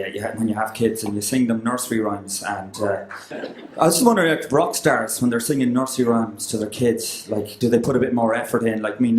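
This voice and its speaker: A man's voice: medium pitch, echoey room, a little hiss or hum. An Irish man doing a stand-up set with a guitar, talking in a loose, rambling way full of fillers. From Ireland. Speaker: stand-up comedian.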